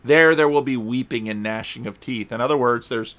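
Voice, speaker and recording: A man's voice: medium pitch, fairly quick, a bit bright. A man giving a conversational sermon, reading scripture aloud and breaking off for wry, casual asides, with occasional stumbles and restarts. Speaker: preacher.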